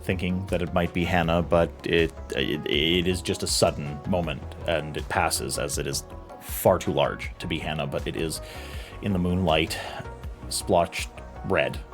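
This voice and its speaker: A man with an extremely deep voice narrates as game master, slowly and solemnly. Soft music runs underneath. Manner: measured, solemn storytelling. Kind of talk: slow dramatic narration of a nightmare scene.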